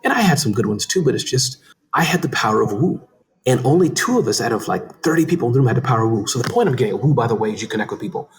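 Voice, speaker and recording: A man speaking as a guest in a casual interview, animated and talking quickly, sometimes slurring words. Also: mid-range voice. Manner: fast, animated, says he talks too fast. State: tearing up, emotional. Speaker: podcast guest, business founder.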